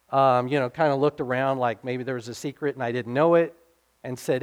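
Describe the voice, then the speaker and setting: A man's voice: mid-range voice, brisk. A middle-aged man preaching a sermon as pastor, in an earnest, conversational way, often checking in with his listeners.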